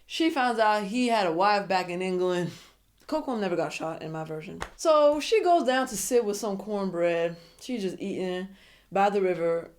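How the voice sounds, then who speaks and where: A woman's voice: mid-range voice, animated, moderate pace, a little hiss or hum. A young woman recapping a reality show in a sassy, opinionated casual commentary, full of asides.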